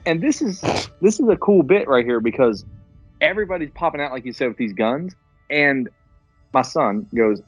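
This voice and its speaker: A man co-hosting a podcast, retelling a movie scene with profanity and lively storytelling. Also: medium pitch, normal speed, breathy edge, no echo, lo-fi sound, soft background music. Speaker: podcast co-host. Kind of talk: casual chat about a movie.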